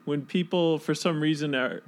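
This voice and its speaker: Somewhat high-voiced guy, lots of ums and likes, casual chat. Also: moderate pace. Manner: hesitant, rambling with fillers. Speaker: improv comedian.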